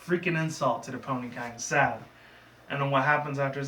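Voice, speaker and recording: A man's voice: medium pitch, fairly even intonation, brisk, pushed and bright, far from the mic. A man casually recapping a cartoon episode in a rambling, loose way, with profane asides. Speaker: reviewer. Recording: echoey room, away from the mic.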